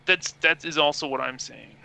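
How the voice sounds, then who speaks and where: Guy at a tabletop game, bright sharp voice with a gravelly edge, arguing prices. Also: fairly high pitch, moderate pace, low-quality recording. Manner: haggling, insistent, laughs often. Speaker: player. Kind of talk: casual tabletop play.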